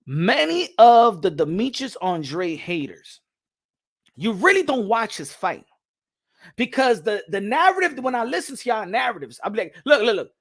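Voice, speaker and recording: This male boxing commentator has a high voice and speaks at a moderate pace. Chatting loosely about boxing, he keeps circling back to the same points while animatedly pumping up and ribbing his audience.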